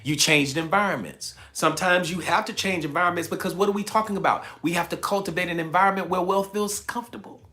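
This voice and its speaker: High-pitched, emphatic man on a livestream. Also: steady tone, quick pace, few pauses, bright, forceful tone. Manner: preachy, emphatic, reads chat comments aloud, laughs often. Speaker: livestream host. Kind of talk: motivational live-stream talk.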